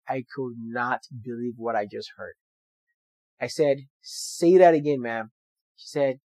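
A man's voice: mid-range voice, no room sound. A young man earnestly telling a personal story to viewers, with motivational emphasis. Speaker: doctor sharing his story.

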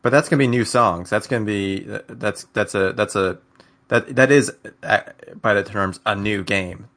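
A man's voice: lowish voice, normal speed, a bit bright. A man hosting a casual gaming podcast, laid-back and putting questions to the panel. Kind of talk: casual chat.

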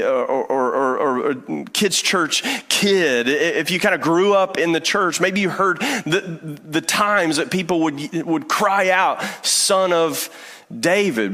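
A man's voice: a little high, fairly bright tone. Self-deprecating preacher man in a reverberant hall. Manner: conversational, self-deprecating preaching, addresses listeners as friend. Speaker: pastor. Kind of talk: sermon.

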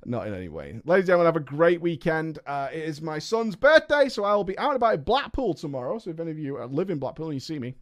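A man with a northern English accent, a streamer chatting excitedly with his viewers as he comments on stories they send in. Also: a little high, fast, few pauses. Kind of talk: live-stream chat and commentary.

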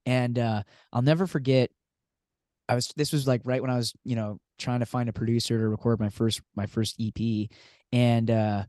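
A man's voice: mid-range voice, moderate pace, dry recording. Singer guy on a podcast, says like every other word, dry close sound. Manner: animated, says "like" constantly. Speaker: guest musician. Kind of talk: casual storytelling.

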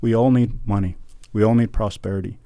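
A middle-aged Canadian man, a former election candidate, is a guest on a podcast and talks politics with passion, repeating words and building to fervent outbursts. His mellow voice is fairly low in pitch, fairly quick, and fairly even in intonation, with no room sound.

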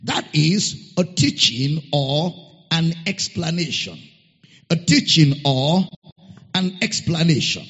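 A man preaching a sermon, reading scripture slowly and emphatically and repeating key phrases. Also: fairly high pitch, lively intonation, husky. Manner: spells out a Greek word letter by letter. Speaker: pastor. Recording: muffled sound with long hall reverb.

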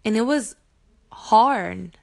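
A woman's voice: a little high, very slow, vocal fry, darkish tone. Heartfelt woman sharing her birth story. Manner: emotional, heartfelt, earnest; addresses viewers directly. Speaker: mom vlogger. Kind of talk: personal storytelling to camera.

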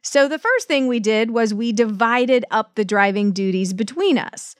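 A middle-aged woman hosting a coaching podcast, speaking straight to her listeners with punchy, motivational emphasis. Her voice sits a little high and sounds smooth and clear. The recording is dry and close. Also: normal speed, dry recording. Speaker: podcast host and business coach. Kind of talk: solo podcast monologue.

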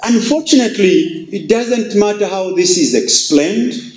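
Man, pastor preaching, slightly high voice, roomy echo. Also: expressive, unhurried, darkish tone. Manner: emphatic, repeats phrases, shifts pitch widely for emphasis. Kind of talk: sermon. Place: church. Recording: echoey church hall.

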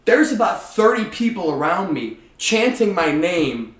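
A man's voice: high-pitched, very animated, measured pace. A man telling a rowdy story in casual, profane chat. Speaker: podcast host. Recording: echoey room.

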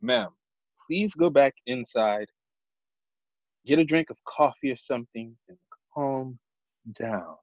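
A man in a tabletop game playing an officious agent who keeps telling a woman to calm down. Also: medium pitch, slow, gravelly, pauses often, dry recording, muffled recording. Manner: stern, officious, repeats "ma'am". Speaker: player. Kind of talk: in-character tabletop role-play.

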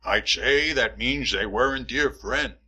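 A man playing a gruff, sarcastic slob fed up with his fussy roommate, firing off exasperated wisecracks in a comedy sketch. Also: medium pitch, unhurried, sharp tone, exaggerated voice.

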